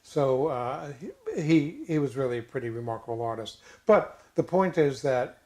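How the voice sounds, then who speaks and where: An older man co-hosts a casual chat in an ordinary middle pitch with a darkish tone. His speech is halting, full of fillers and restarts, and now and then he slips in a jokey aside.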